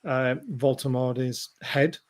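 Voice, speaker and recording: A man co-hosting a football podcast, telling match stories in an animated, excitable way. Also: medium pitch, takes it slowly. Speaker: podcast co-host. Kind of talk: casual football chat.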